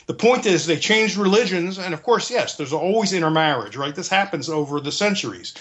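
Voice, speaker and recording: Male interview guest with a slightly raised pitch, earnest and searching for words, restating his points as he explains. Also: lively intonation, brisk, fairly bright tone. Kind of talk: conversational explanation.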